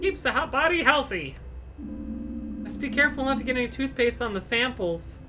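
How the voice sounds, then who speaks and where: A woman's voice: high voice, sing-song, normal speed, background noise, pitched above the performer's own voice. A woman voicing an eccentric, fussy male doctor who sounds flustered and pompous. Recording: game music playing behind.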